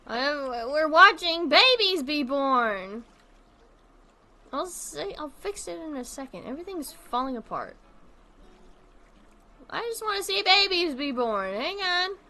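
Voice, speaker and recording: A woman game streamer talking casually to her viewers while she plays. Her voice is bright and sits a little high, and she rambles, trails off mid-sentence and starts again. She swears in a relaxed, offhand way. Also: slow, pauses often. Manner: rambling and chatty, often trailing off and restarting. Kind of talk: casual chat while playing a zoo-building game.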